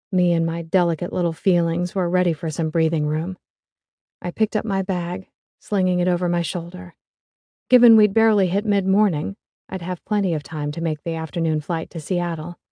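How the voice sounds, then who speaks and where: A woman's voice: fairly low pitch, mellow, no room sound. A woman narrating a first-person romance audiobook in a wry, confiding way.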